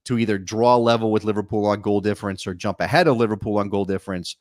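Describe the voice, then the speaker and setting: Wry animated soccer talk man. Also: fairly low pitch, fast talker, dry recording, studio quality. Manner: animated, wry, self-correcting restarts. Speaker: soccer show co-host. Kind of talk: casual sports talk.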